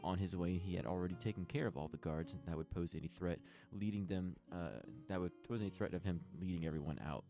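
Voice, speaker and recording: Deep-voiced game master narrating a tabletop scene, casual, filler-heavy. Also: male voice, quick pace, creaky, hardly any pauses, mellow, soft background music. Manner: descriptive scene-setting with frequent fillers.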